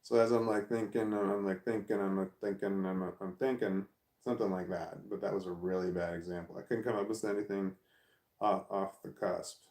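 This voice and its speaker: A man's voice: deep voice, steady tone, brisk, a little mellow, echoey room. A man chatting casually on a live stream, reading comments aloud and answering them, who stammers and repeats words as he searches for what to say. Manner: rambling, thinks aloud. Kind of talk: casual chat.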